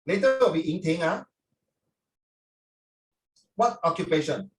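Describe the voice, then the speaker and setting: A man's voice: on the high side, animated, a little slow. Older Singaporean man, chatty and lecturing. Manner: chatty, lecturing, Singlish particles. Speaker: teacher. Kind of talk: classroom talk to students. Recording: roomy echo, from far off.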